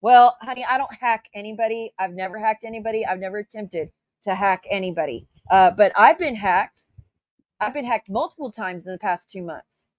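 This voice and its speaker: A woman's voice: mid-range voice, normal speed, no echo. A woman commentator ranting in her own defense, firing rhetorical questions and swearing. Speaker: YouTube commentator. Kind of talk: heated reaction rant.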